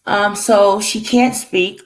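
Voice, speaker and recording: This woman has a medium-pitched voice with fairly even intonation and talks slowly. Fighting back tears, she rambles through a painful family story to the camera, acting out the dialogue, on poor-quality audio.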